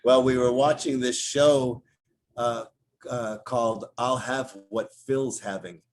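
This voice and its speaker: A man's voice: medium pitch, slow pace, a little hiss or hum. A middle-aged man, a voice actor, telling stories in a casual interview and slipping into character voices. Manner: animated storyteller who drops into character voices.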